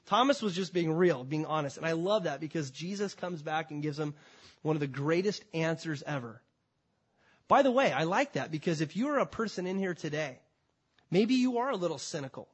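A man preaching a sermon to a congregation, emphatic, swinging between loud declarations and quiet, drawn-out phrases. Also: sits high, breathy edge. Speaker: pastor. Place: church before a congregation.

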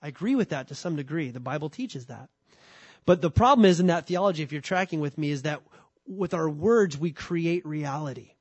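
A man's voice: fairly high pitch, expressive, fairly quick, breathy edge, dry recording, highs cut off. A man teaching a sermon on scripture, conversational with dry humor and frequent restarts. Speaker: pastor.

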